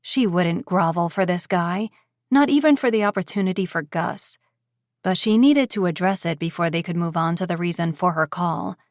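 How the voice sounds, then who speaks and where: A woman reading an audiobook novel in an even, measured way on a close mic. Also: on the low side, no echo. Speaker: audiobook narrator. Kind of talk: scripted narration.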